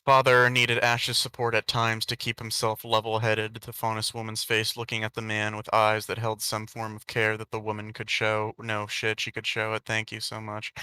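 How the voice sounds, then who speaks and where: A man's voice: on the low side, monotone, normal speed, few pauses, bright, forceful tone, clean tone, dry recording. A man hosting a podcast, reading a fan story aloud with sardonic, swearing commentary. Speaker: podcast host and reader.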